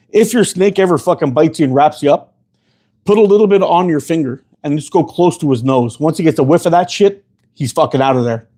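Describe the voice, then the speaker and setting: A man's voice: on the high side, darkish tone. Profane rambling man. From Canada. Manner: rambling, profane, laughs often. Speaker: host. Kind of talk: casual storytelling chat.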